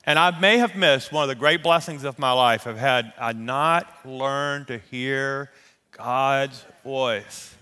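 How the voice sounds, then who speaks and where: A man preaching a sermon, telling a personal story in a lively, animated way and acting out the voices of the people in it. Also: medium pitch, slow pace, clean tone. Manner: animated, acts out quoted voices. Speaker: pastor. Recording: long reverb of a large hall.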